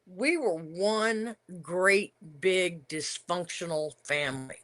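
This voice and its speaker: A woman's voice: low voice, animated, takes it slowly, fairly bright tone. An older woman, a retired wrestler, telling stories from her career in a casual interview. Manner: reminiscing storyteller, emphatic.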